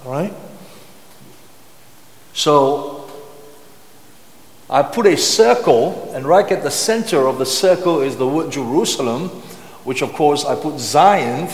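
A man preaching a sermon, reading Bible verses slowly and breaking off to explain them with asides and rhetorical questions. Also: a little high, expressive. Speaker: pastor. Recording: echoey hall.

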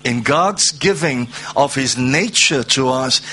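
A man preaching a sermon, reading scripture aloud and stressing words through slow repetition. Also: medium pitch, animated, sharp tone, husky. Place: church hall, seated at a low table.

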